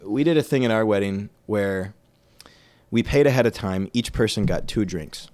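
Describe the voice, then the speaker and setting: A man's voice: fairly low pitch, moderate pace, darkish tone. A man co-hosting a casual podcast chat, joking and laughing often, recorded on a close studio mic. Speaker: podcast co-host.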